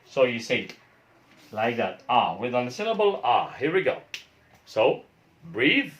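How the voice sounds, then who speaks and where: A man teaching voice with an unhurried delivery, walking through each step patiently. His pitch rises and falls widely as he demonstrates yawns and sung notes. He talks like a pastor coaching his choir. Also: sing-song, a bit bright. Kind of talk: singing lesson.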